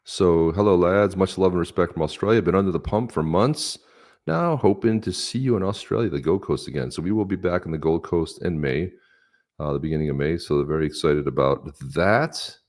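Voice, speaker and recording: A man's voice: deep voice, a little fast. A man hosting a casual podcast, joking and reading viewer comments aloud. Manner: jokey, animated, reads comments aloud. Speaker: podcast host.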